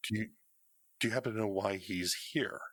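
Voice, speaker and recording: Man, very deep voice, hesitant tabletop player, dry close sound. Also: brisk, fairly bright tone, no room sound. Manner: hesitant, many fillers and restarts in character. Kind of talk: tabletop role-play, casual chat.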